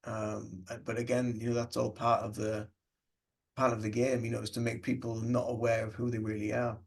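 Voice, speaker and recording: Man with a gravelly, husky voice. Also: mid-range voice, monotone, a little fast. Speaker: podcast co-host. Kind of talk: casual spiritual podcast discussion.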